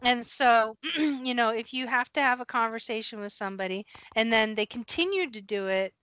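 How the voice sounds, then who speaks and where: A woman's voice: on the high side, normal speed, clean tone, no room sound, muffled recording. A woman telling a story from her years managing a store, laughing as she goes and acting out the conversations. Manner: animated, laughs through her story, acts out dialogue. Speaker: guest recalling past work as a retail manager. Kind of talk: casual storytelling on a podcast.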